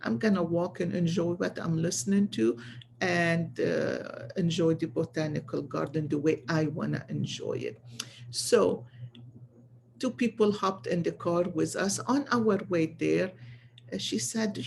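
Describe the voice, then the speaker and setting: A woman's voice: on the low side, unhurried, gravelly, darkish tone, a little hiss or hum. A woman earnestly telling a personal spiritual story to viewers, repeating phrases for emphasis. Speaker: spiritual channel host.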